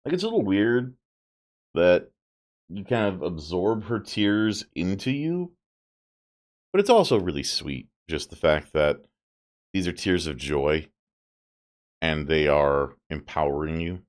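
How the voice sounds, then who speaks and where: A man streaming a game talks in a deep, relaxed voice. He comments in a chatty, amused way and thinks aloud at an easy pace. His pitch moves around a lot. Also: measured pace, long pauses.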